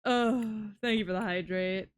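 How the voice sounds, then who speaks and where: A tired young woman streams a card game, grumbling and cursing in exasperation while chatting casually with her viewers. Her mid-range voice runs a little slow, with faint music behind her and a slight hiss or hum on the recording.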